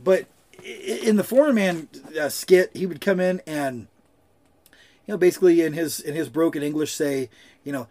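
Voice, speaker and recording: On a podcast he co-hosts, this man trades loose, jokey stories in casual conversation and swears freely. His voice sits on the high side, mellow, at a moderate pace.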